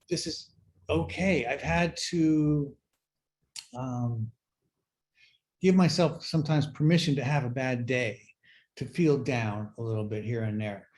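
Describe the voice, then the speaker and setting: A man's voice: a little high, a little mellow, slight background noise. Reflective man sharing his recovery story. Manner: halting, reflective, many fillers and restarts. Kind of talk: personal sharing talk.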